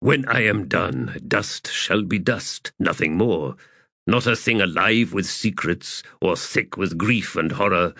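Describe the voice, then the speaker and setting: A man voicing a grim, cold undead male warrior lord who speaks gravely and solemnly, in an audiobook. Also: low voice, slow, pushed and bright, dry recording, studio quality, exaggerated voice.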